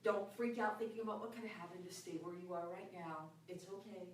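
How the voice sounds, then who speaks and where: A middle-aged woman telling a personal story to a group in an animated way, laughing often and acting out the voices in it. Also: medium pitch, a little fast, a little hiss or hum. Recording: echoey room, mic far off.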